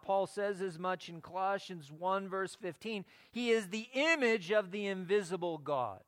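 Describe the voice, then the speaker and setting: A man's voice: sits high, a bit bright, clean tone, dry recording. A man preaching a sermon, earnest and teaching, often repeating words as he starts a phrase. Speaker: pastor.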